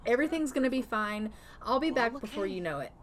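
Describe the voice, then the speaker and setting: A woman's voice: fairly high pitch, lively intonation, fast, crowd noise, lightly acted. A woman voicing a passionate young husband set on doing his duty, loving toward his wife.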